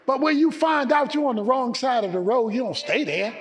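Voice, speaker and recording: A man preaching a sermon as pastor, emphatic, swinging between loud declarations and low asides. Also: lively intonation, a little fast, big-room sound, slight background noise.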